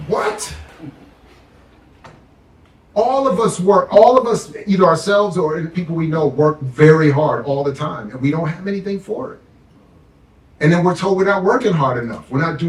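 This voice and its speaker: Sarcastic fired-up guy ranting about money and power, highish voice, echoey room. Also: far from the mic. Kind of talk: impassioned political talk. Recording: roomy, off-mic sound.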